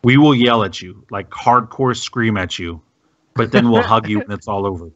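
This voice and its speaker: A man talks about board games in a low voice, excitable and teasing. The sound is dry and close, with a dull lo-fi tone. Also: normal speed, no room sound. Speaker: podcast co-host. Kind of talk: casual chat. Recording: dull lo-fi dry podcast audio.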